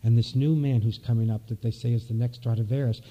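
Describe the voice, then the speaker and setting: A man, the minister of a church, preaching a reflective, unhurried sermon in a soft-spoken way. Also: medium pitch, fairly even intonation. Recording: dull lo-fi recording.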